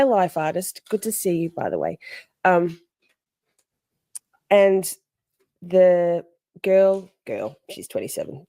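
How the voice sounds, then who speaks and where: A lively, chatty woman in middle age tells a rambling story to her stream audience. Her pitch leaps all over as she acts things out, and her voice sits low, mellow and dry, recorded up close with no room sound. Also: no echo. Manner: animated, chatty, greets viewers mid-story, acts out voices. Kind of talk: casual live-stream storytelling.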